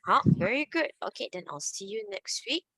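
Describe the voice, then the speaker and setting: A woman teaching an online Mandarin lesson, mixing English and Mandarin and giving steady praise and correction. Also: medium pitch, a little fast, slightly rough, no echo. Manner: encouraging, switching between English and Mandarin, frequent praise.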